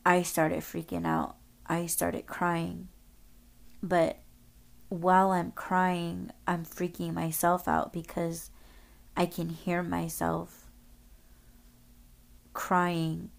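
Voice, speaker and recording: A woman's voice: lowish voice, monotone, very slow, creaky, long pauses. A woman podcast host telling a story casually, rambling, swearing often and using lots of filler words.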